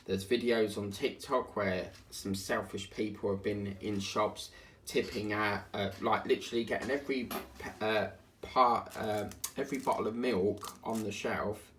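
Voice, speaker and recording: A man with a lowish voice and fairly even intonation talks at a moderate pace, chatting casually and muttering complaints as he does a diamond painting at home. The mic is distant, and a faint hiss sits in the background.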